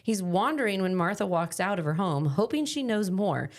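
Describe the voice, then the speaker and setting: A woman hosting a book podcast, recapping the plot in a loose, conversational way. She talks in quick bursts, leans on "like" as a filler, and stays in a mid-range pitch. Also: expressive. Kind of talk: casual book summary chat.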